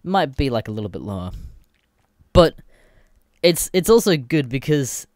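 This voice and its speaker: A man's voice: medium pitch, sing-song, moderate pace, darkish tone, dry recording, clean studio sound. A young Australian man hosting a podcast alone, chatting in a rambling, sweary way and laughing often. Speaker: podcast host. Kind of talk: casual solo chat.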